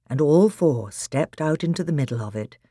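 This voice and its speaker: A woman narrating a children's novel as an audiobook, with expressive storytelling. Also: low voice, moderate pace, slightly rough, no room sound, studio quality.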